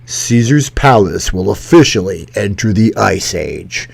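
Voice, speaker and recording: A man hosting a casual live stream, chatting and joking as he opens and reads viewer mail. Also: lowish voice.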